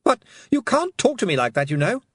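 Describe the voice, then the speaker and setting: Man doing a calm steely girl witch. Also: high-pitched, husky, no echo, clean studio sound, voice pushed up, full character voice. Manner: calm, firm, measured.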